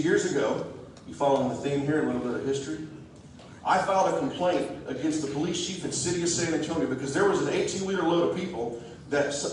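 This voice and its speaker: A man's voice: a little high, a little hiss or hum. A man giving a folksy, joking, rousing campaign speech to a crowd in a church hall. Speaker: political candidate. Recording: echoey hall, distant mic.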